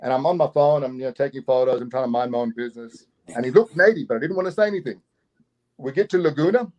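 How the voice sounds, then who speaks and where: A middle-aged man from Queensland, Australia, with an Australian accent, telling a long travel story as an interview guest, animated and given to repeating his words and chuckling. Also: mid-range voice, fast talker, lo-fi sound. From Doomadgee, Queensland, Australia. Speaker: guest actor and festival promoter.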